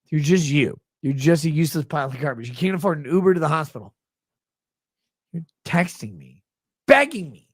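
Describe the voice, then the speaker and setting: A man's voice: on the high side, very animated, brisk, breathy edge, no echo. A drunk man streamer slurring his words through a sneering, mocking rant.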